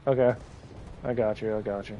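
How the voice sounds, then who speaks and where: A man's voice: lowish voice, fairly even intonation, a little fast, dark tone, muffled recording. A man streaming a game, chatting casually and rambling, full of "like" and restarts. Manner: rambling, heavy use of "like", many restarts. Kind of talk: casual chat while gaming.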